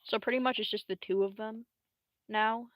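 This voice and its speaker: A woman's voice: a little high, fairly even intonation, normal speed, no room sound, lo-fi sound. Rambling, slangy young woman streamer. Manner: rambling, slangy, many fillers like bruh and um. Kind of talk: casual live-stream storytelling.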